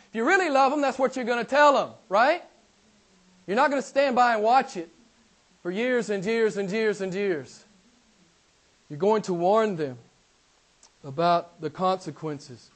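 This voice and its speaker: A man preaching a sermon who repeats his key phrases, calls his listeners beloved and keeps putting questions to them, swinging between loud emphasis and quiet asides. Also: high voice, animated, moderate pace, pauses often. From United States. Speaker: pastor.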